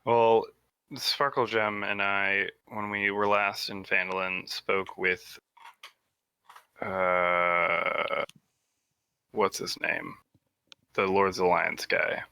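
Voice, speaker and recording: A man playing a tabletop game, talking slowly and hesitantly. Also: low-pitched, level tone, gravelly, sharp tone, clear, resonant tone, no echo. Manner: slow, hesitant, trailing. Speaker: player. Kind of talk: casual tabletop play.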